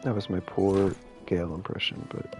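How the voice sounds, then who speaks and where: A man gives casual let's-play commentary in a low voice. He is chatty and quick to poke fun at himself. Faint game music plays under his talk. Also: level tone, darkish tone. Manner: chatty, self-deprecating. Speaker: gamer playing on video.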